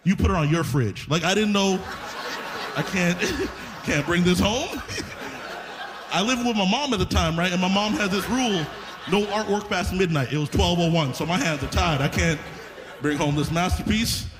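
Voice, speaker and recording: A man doing a stand-up comedy set on stage, telling a story quickly with laughter in his voice. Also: high-pitched, lively intonation. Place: live on stage before an audience. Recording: live show with crowd noise.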